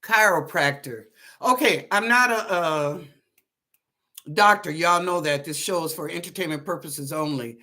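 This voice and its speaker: A woman's voice: on the low side, measured pace, sharp tone. A woman hosting a live psychic reading stream, chatting casually and greeting viewers one by one by name. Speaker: psychic reader and show host.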